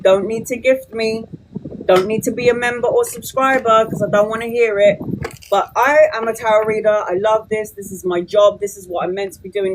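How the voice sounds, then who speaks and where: A tarot reader in her forties chats casually on a live stream from her phone, blunt, quick to vent, and swearing freely. Her voice is mid-range, and the rough recording carries slight background noise.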